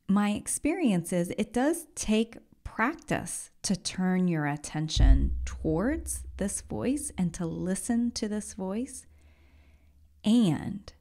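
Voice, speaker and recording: A woman hosting a solo podcast as a coach, talking in a gentle, encouraging way and often dropping into a soft whisper. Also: mid-range voice, vocal fry. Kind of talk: reflective solo podcast talk.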